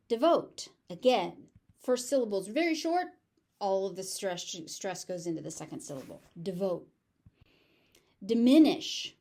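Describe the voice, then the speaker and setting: A woman with a General American accent and a medium-pitched, dark-toned voice gives a pronunciation lesson. She patiently says each English word several times, slowly and with careful stress.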